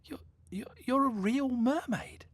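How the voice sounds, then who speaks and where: A man's voice: very high voice, slow pace, dry recording, voice pushed up, heavily acted. A man voicing an eager, kind-hearted young boy in a storybook reading. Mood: amazed. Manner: bright, shouty and excitable.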